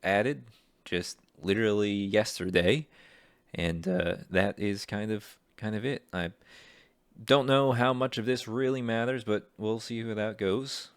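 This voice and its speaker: A man's voice: on the low side, a little slow, clean tone, no room sound. A young man rambling hesitantly and self-deprecatingly as he browses voice acting jobs in a casual vlog. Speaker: aspiring voice actor. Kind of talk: casual screen-share vlog.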